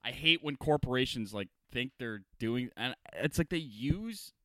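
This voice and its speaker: A man's voice: mid-range voice, animated, a little slow, pushed and bright, no echo. A man co-hosting a casual podcast, ranting with lots of swearing and filler words. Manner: ranting, heavy swearing, frequent "like". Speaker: podcast co-host. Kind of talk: casual chat.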